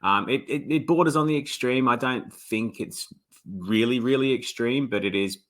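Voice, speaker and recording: An Australian man, an author being interviewed, talking in a relaxed, rambling way with many restarts. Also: mid-range voice, moderate pace. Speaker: author guest. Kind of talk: casual interview.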